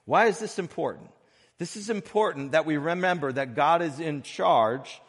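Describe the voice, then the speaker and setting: A man preaching a sermon as pastor of a church, earnest and measured, breaking his phrases with pauses and swinging between soft and loud. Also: on the high side, expressive, husky, big-room sound. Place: church sanctuary.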